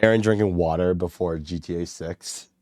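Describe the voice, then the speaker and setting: Playing a game on stream, a young male VTuber rambles and laughs often as he chats casually with viewers. His low, slightly mellow voice holds a steady tone at a normal speed, and the studio recording is clean with no echo.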